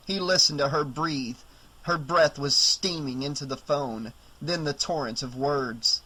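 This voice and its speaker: A man reading a horror novel aloud as audiobook narrator, in a steady, even reading voice. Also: fairly high pitch, unhurried, rough recording. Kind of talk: scripted narration.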